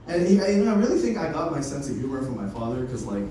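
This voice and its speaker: A man's voice: mid-range voice, very animated, racing, mellow, a little hiss or hum. A young man doing a loose, unrehearsed stand-up set, telling stories with lots of swearing and laughs. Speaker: stand-up comic. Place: comedy open mic room. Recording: echoey room from far off.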